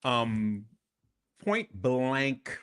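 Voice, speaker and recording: A man's voice: medium pitch, sing-song, very slow, fairly bright tone, smooth. A man co-hosting a casual podcast, giving blunt opinions and repeating himself for emphasis. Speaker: podcast co-host. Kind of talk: casual chat.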